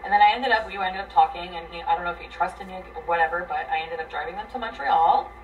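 A woman venting a tangled relationship story, profane and rambling, her voice swinging between loud bursts and near mutters. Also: lowish voice, fast talker, far from the mic, narrow, tinny audio, slight background noise. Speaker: guest telling her story. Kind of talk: emotional venting.

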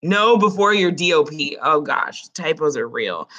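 A woman's voice: deep voice, lively intonation, normal speed, few pauses, bright, forceful tone, dull audio. Woman teaching a class online. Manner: explains step by step, casual teacher talk. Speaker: Spanish teacher.

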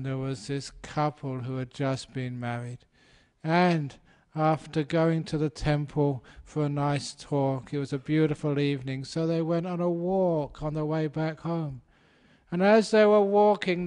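A male monk giving a light-hearted dharma talk, in a voice a little higher than most men's. He tells stories playfully and drops in animal sounds. His delivery is relaxed and good-humored. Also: a little slow, few pauses, clean tone.

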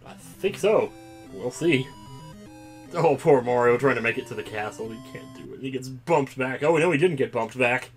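A man giving casual, excitable commentary while playing a video game, breaking into loud outbursts. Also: mid-range voice, moderate pace, faint music behind. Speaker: let's play gamer.

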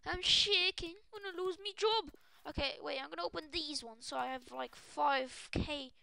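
Shrieking excitable young woman streamer. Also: high-pitched, normal speed, creaky, dry recording. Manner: shrieking, excitable, often breaks into shouts. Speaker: gaming streamer. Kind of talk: excited live pack-opening stream.

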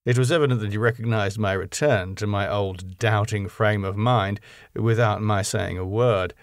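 A man reading a classic novel aloud as an audiobook narrator, in a steady storytelling manner. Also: fairly low pitch, normal speed, no echo, studio quality.

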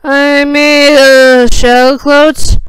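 A woman's voice: sits high, pitched above the performer's own voice, poor audio. Woman reading as a cocky teen boy wizard. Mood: sheepish. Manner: slow, even reading. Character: cocky teenage boy wizard, self-sacrificing.

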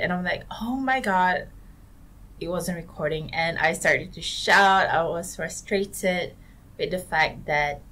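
A woman's voice: lowish voice, pushed and bright. A woman giving casual, giggly gameplay commentary as a YouTuber and talking straight to her viewers. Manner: chatty, giggly, addresses viewers directly. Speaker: gaming YouTuber.

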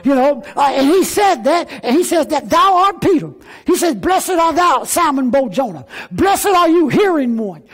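A man preaching a sermon in a church as pastor, often rising to a shout, with many fillers and repeated phrases. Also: very high-pitched, very animated, moderate pace, hardly any pauses. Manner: often raises to a shout for emphasis.

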